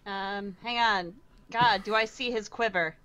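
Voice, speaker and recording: A woman's voice: mid-range voice, fairly even intonation, measured pace, bright, forceful tone, clear, resonant tone. A woman playing in a tabletop game, chatting playfully with the group. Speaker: player. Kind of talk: casual tabletop play.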